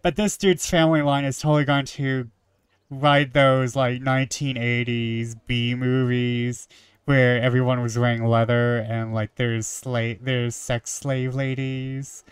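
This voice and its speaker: A man's voice: medium pitch, level tone, measured pace, clear, resonant tone, no echo. A man reading a story game aloud and adding wry, joking asides. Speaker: gamer.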